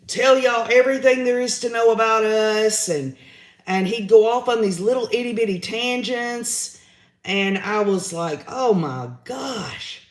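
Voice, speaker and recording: A man's voice: sits high, a bit bright, echoey room. A man, hosting a livestream, giving his opinions in a chatty way and reading out viewer comments. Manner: chatty, opinionated, says y'all often. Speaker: livestream host reading chat.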